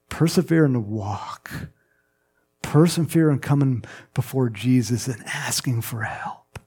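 A man preaching a sermon in a slow, conversational way, laughing and putting on playful mock voices. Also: medium pitch, creaky, darkish tone, husky.

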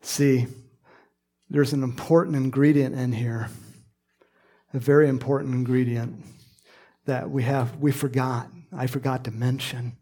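A man's voice: medium pitch, steady tone, unhurried, long pauses, mellow. A man preaching a conversational sermon, acting out quoted lines and dropping at times to a whisper. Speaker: pastor.

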